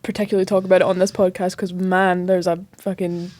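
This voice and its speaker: A woman's voice: lowish voice, little pitch movement, quick pace, a little mellow, slight background noise. A woman, co-hosting a podcast and chatting casually about a film, recapping the plot with lots of ums and a bit of swearing. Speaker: podcast co-host.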